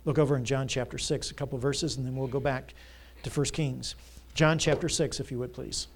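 A male pastor preaching a Sunday sermon, asking the congregation to fill in words and building to loud, emphatic passages. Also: mid-range voice, steady tone, brisk, slight background noise. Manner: call-and-response questions, rising to loud emphatic preaching. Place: church sanctuary. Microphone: church sound system mic.

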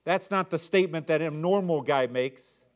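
A man's voice: a little high, normal speed. A man preaching a sermon, reading King James scripture and repeating words as he builds each point. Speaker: pastor.

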